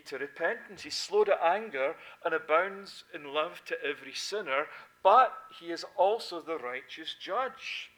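A man preaching a sermon, dropping to hushed asides and then rising to loud, emphatic proclamation, repeating key points for emphasis. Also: fairly high pitch, low-quality recording.

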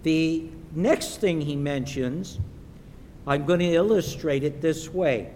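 A man preaching a sermon in a church, slow and emphatic, sometimes acting out the voices of the people in his stories. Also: a little mellow. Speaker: pastor. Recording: echoey hall with faint rumble.

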